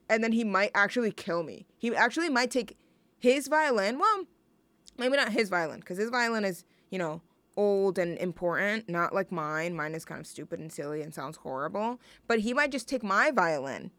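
A woman's voice: medium pitch, lively intonation, moderate pace, a bit bright, no echo. A young woman hosting a student radio show, chatting casually between songs in a rambling, self-deprecating, jokey way. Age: young adult.

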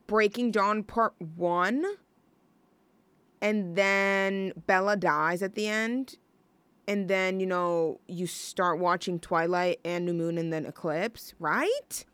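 A woman's voice: mid-range voice, a bit bright, clean tone, dry recording. A young woman hosting a college radio show, chatting on her own in a rambling, gushing way full of fillers and restarts. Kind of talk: casual solo radio chat.

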